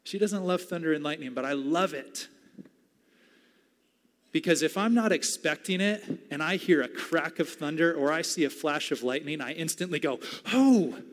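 A man preaching a conversational sermon, animated and swinging between loud exclamations and soft whispers. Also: fairly high pitch. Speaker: pastor. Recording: long hall reverb.

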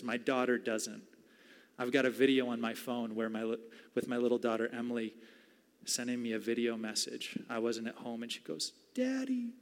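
A man preaching a conversational sermon, animated and swinging between loud exclamations and soft whispers. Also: medium pitch. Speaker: pastor. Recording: long hall reverb.

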